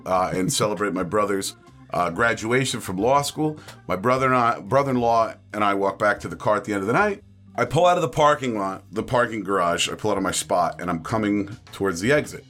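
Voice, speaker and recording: A man's voice: medium pitch, a bit bright. A young man telling a comic anecdote, acting out the quotes and laughing as he goes. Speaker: player.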